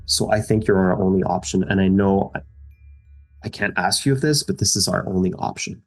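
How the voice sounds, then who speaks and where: A man voicing a grim male mutant fighter who gives a hard order, earnest and halting. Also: sits low, creaky, faint music behind. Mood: urgent.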